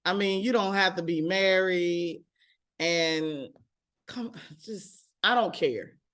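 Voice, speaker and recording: A woman from Mississippi, co-hosting a casual chat recapping reality TV, blunt and animated and quick to laugh. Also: fairly low pitch. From Mississippi, USA. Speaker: podcast co-host.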